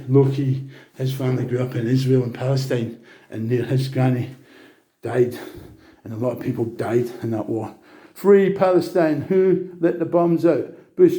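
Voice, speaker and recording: Dark-voiced man ranting manically. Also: mid-range voice. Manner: manic, jumping between topics, preachy. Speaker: vlogger. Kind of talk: rambling monologue to camera.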